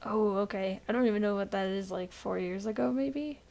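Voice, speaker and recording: A woman co-hosting a casual podcast chat, tired and deadpan after being sick, rambling with fillers. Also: mid-range voice, fairly quick, vocal fry. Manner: rambling with frequent fillers and laughs. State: recovering from illness. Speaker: podcast co-host.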